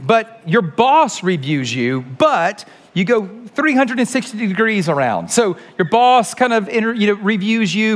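Male pastor, 40s, animated self-deprecating sermon storyteller, bright high register. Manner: animated, self-mocking storytelling with many restarts.

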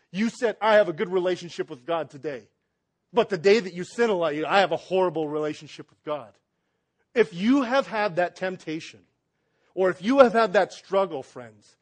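A young pastor, a man with a notably high voice, preaches in an easy conversational way. He often repeats a word as he restarts a thought and slips in light joking asides to his church. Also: darkish tone. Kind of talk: sermon.

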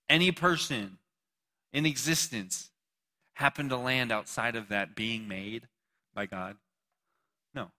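Speaking in a mid-range voice with a sharp edge, a man delivers a casual, joking sermon to a live crowd. He poses questions and trades remarks with his listeners.

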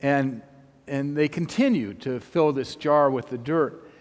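Slow, measured male preacher in a reverberant hall. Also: medium pitch, darkish tone. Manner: measured, unhurried, with long pauses between phrases. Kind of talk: sermon storytelling. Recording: long reverb of a large hall.

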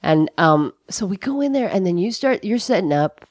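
A woman co-hosting a podcast, telling a story in an animated casual chat that is full of swearing. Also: medium pitch, normal speed, dry recording, studio quality. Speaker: podcast co-host.

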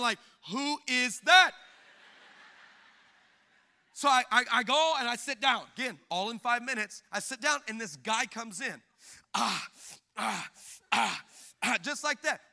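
A pastor delivers a comic sermon, telling his story with lots of energy and jokes. His voice sits very high and sounds strikingly bright and sharp. He acts out the people in the story, going loud and then soft. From Hispanic background. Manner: animated, jokey, acts out quoted people with big shifts in loudness.

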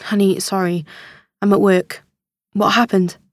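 A woman voicing a busy husband at work who speaks briskly and placatingly. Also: medium pitch, flat delivery, no echo, studio quality, lightly acted. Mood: impatient.

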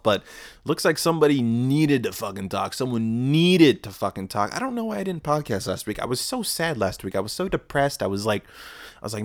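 A man's voice: mid-range voice, big pitch swings, brisk. A man hosting his own podcast alone, rambling casually and ranting sarcastically with lots of swearing. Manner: profane, sarcastic ranting with frequent restarts. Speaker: podcast host.

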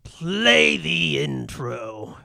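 A man co-hosting a podcast in casual chat, hyper and fast-talking, swearing constantly. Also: on the high side, big pitch swings, gravelly, pushed and bright, dry recording, studio quality. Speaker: podcast co-host.

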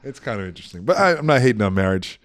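A man in his thirties, a podcast guest, chatting casually and telling stories with lively quoted voices and frequent laughs. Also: on the low side, very fast. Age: 30s. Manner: animated storyteller, laughs often, acts out quotes. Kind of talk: casual chat.

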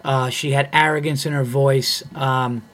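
A man's voice: medium pitch, flat delivery, unhurried, a bit bright. A man who is a comedian and podcast host, telling a story in a blunt, profane, heated way. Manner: blunt and profane, heated when retelling a fight.

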